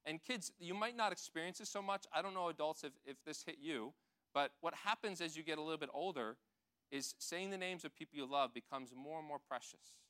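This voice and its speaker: A man giving a gentle, conversational sermon, talking to the children and the adults in the congregation. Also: a little high, brisk, clean tone. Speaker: pastor. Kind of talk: children's sermon with audience participation.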